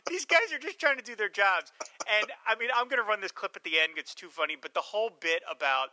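A man co-hosting a casual film talk, rambling and animated, acting out scenes in quick voices. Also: sits high, dry recording. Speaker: podcast co-host.

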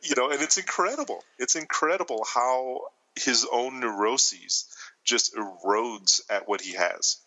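A man's voice: mid-range voice, measured pace, bright, forceful tone, poor audio. A man co-hosting a casual film talk, laughing often and eagerly retelling scenes. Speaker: podcast co-host.

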